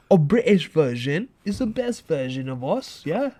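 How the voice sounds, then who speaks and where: A young man co-hosting a podcast with a high voice. He jokes and banters quickly, and his tone stays playful. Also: lively intonation, a little mellow. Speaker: podcast co-host. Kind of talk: casual chat.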